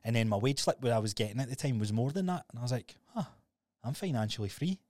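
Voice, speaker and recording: A man's voice: medium pitch, expressive, fast, a little mellow, no echo, clean studio sound. A Scottish man in his thirties co-hosting a podcast, telling his story in a candid, sweary, casual way. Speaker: podcast co-host.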